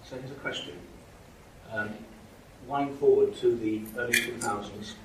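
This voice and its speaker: A man's voice: medium pitch, a little hiss or hum. A man giving a university lecture, hesitant with frequent fillers and restarts. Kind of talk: academic lecture. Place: lecture hall. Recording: echoey hall from far off.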